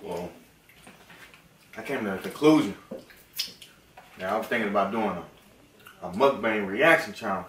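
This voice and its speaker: Casual male vlogger, playful, soft-spoken father at home; roomy, distant-mic sound. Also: lowish voice, unhurried, pauses often. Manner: relaxed, playful, often softly spoken. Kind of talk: casual mukbang chat with his baby. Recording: echoey room, mic at a distance, faint noise.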